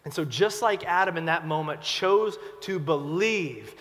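A pastor preaching a sermon with emphatic delivery, swinging between loud urgent lines and quiet hushed ones. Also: male voice, on the high side, expressive, unhurried, in a large hall.

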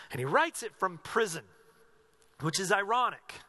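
A male pastor preaching a sermon, earnestly asking his congregation question after question and dropping to a hushed voice when he voices a prayer. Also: sits high, expressive, a little slow, pauses often.

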